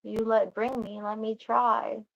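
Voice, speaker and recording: Her voice is a little high, with flat delivery and vocal fry, and the recording's highs are cut off. Chatting casually as a vlogger, she rambles through a story, keeps restarting, and drops in quick quotes of what others said.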